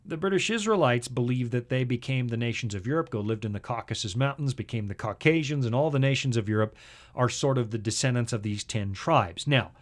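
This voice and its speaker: A man with a medium-pitched voice and a slightly fast pace hosts a casual Bible talk show. He jokes around and tells stories with energy, then turns to lecturing firmly and with conviction on history and scripture.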